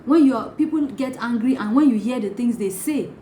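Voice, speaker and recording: A woman's voice: on the high side, normal speed. A woman giving a motivational talk, acting out little scenes of gossip as she teaches. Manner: animated, acts out gossip in asides. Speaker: life coach. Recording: echoey room, faint noise.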